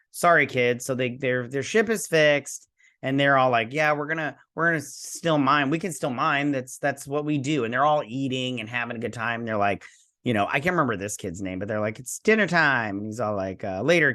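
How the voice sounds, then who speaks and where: A man's voice: medium pitch, a bit bright. A man from Michigan casually recapping and reviewing a TV episode as host, rambling through the plot with loose retellings and frequent restarts. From Michigan, USA.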